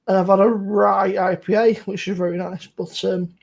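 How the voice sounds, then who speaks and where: A young man with a Bristol accent hosts a relaxed chat over beers. His voice is husky and a little breathy. He rambles along in a laid-back way, swearing freely as he talks. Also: high-pitched, normal speed, lo-fi sound. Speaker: podcast host.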